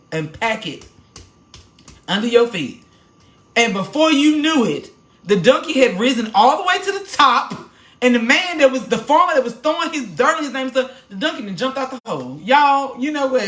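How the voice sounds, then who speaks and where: A woman hosting a podcast, telling a personal testimony in a live stream and preaching straight to her viewers in an animated way. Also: fairly high pitch, echoey room. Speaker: podcast host.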